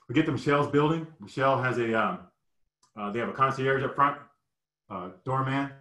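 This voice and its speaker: Brief: man in his fifties, mid-pitched, lively personal storyteller, roomy echo. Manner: animated, acts out the people in his story. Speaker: guest storyteller.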